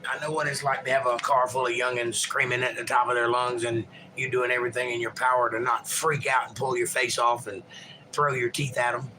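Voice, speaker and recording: A man's voice: mid-range voice, level tone, fairly quick, sharp tone, a little hiss or hum, rough recording. A man hosting a livestream, reading viewer chat aloud and chatting in a rambling, folksy, joking way.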